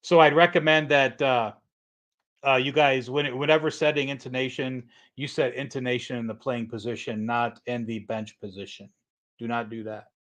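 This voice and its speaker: A man's voice: mid-range voice, fairly even intonation, moderate pace, a bit bright. A middle-aged man hosting a casual guitar livestream, rambling with lots of fillers and restarts. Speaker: livestream host, guitar tech.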